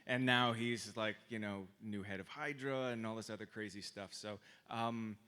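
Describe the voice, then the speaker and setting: A man's voice: fairly low pitch, steady tone, normal speed, pushed and bright, clear, resonant tone. A man, an actor guest on a convention panel, answers fan questions hesitantly with many ums and self-deprecating laughs. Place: convention stage.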